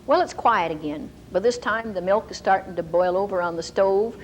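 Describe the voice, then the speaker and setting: A woman Bible teacher giving a storytelling sermon in an animated way and laughing often. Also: mid-range voice, moderate pace, a little hiss or hum, low-quality recording.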